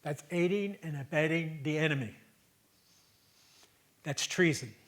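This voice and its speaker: A man voicing a stern male government official who makes quiet, cold threats, performed on a theater stage. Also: fairly high pitch, measured pace. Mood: threatening.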